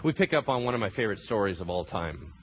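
A man preaching a sermon as a pastor, animated and acting out the voices of people in the story. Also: lowish voice, fast talker, highs cut off, a little hiss or hum.

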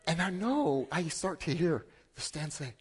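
A middle-aged man preaching a sermon, telling a story against himself with sudden swings between loud and hushed. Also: fairly high pitch, expressive, unhurried, breathy edge. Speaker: pastor.

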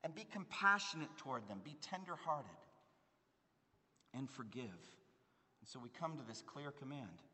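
A man preaching a sermon in an earnest, emphatic way, swinging between loud stresses and hushed phrases. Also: medium pitch, big pitch swings, moderate pace. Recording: long hall reverb.

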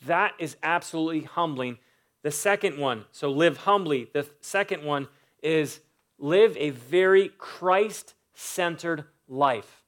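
A man's voice: a little high, slow pace, a bit bright. A man preaching a sermon, building emphatic lists and stressing key words. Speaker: pastor.

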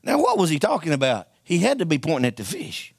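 A man preaching a sermon, lively and joking as he tells a story and calls out to the congregation for responses. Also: on the high side, fast, creaky, slightly rough, dry recording.

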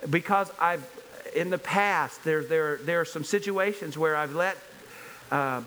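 A man's voice: a little high, normal speed, a bit bright, slight background noise, low-quality recording. A man preaching a sermon to a congregation in church, earnest and emphatic, driving his points home with repeated rhetorical questions. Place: church service before a congregation.

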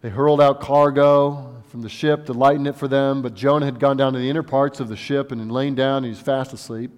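A man's voice: mid-range voice, steady tone, a little fast, muffled recording. Emphatic preaching man in a reverberant hall. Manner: emphatic, swings from loud exclamations to hushed asides. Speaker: pastor. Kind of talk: sermon. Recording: long reverb of a large hall.

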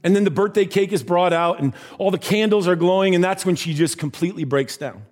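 A man's voice: high-pitched, fairly quick, a little mellow, faint music behind. A man preaching a sermon, telling a story in a conversational way and dropping his voice at tender moments.

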